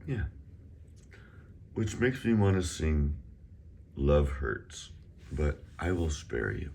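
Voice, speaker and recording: Super deep guy teaching chinese from home, slow and rambly, voice goes up and down a lot. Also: big pitch swings, vocal fry, mellow, slight background noise. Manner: rambling, chatty asides between drills; sings out exaggerated tones in pronunciation drills. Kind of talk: casual online language lesson.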